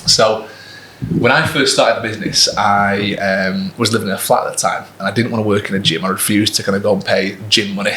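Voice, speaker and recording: A man's voice: fairly low pitch, fairly even intonation, a little fast, sharp tone, reverberant, a little hiss or hum, rough recording. A man who is a fitness coach and podcast co-host, telling stories in casual chat and laughing often. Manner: chatty storyteller, laughs often.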